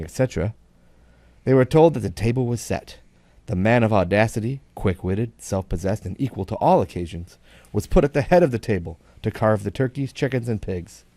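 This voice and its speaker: A man's voice: lowish voice, darkish tone, dry recording. A man co-hosting a live podcast, reading an old joke aloud with wry asides and laughing at himself. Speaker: podcast co-host reading a segment.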